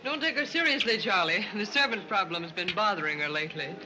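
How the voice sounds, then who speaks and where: Woman as catty society sister, sardonic, mid pitch, vintage soundtrack with music. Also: lively intonation, fast, natural voice, low-quality recording. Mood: mocking. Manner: mocking, sardonic. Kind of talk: 1930s screwball film acting. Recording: 1930s film soundtrack with music.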